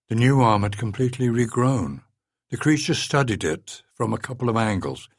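A man giving a measured, dry first-person audiobook narration into a close studio mic. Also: mid-range voice, expressive, no room sound.

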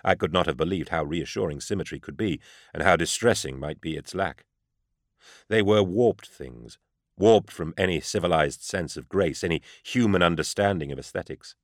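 Deep-voiced man narrating gravely. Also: no echo, clean studio sound. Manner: grave, measured storytelling. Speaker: audiobook narrator. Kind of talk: first-person scripted narration.

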